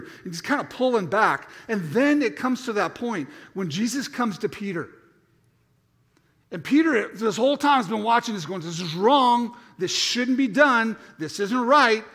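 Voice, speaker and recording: A man in middle age preaches a sermon in a high, animated voice, stumbling into restarts as he acts out scenes. His words ring with long reverb through a church sanctuary. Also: a little fast. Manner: animated storytelling, acting out voices, frequent restarts. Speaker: pastor.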